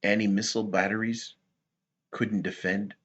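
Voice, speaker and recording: A man hosting rambling political commentary, talking in a rhetorical, animated way. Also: on the low side, moderate pace, breathy edge, muffled recording. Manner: animated, rhetorical, laughs at his own points.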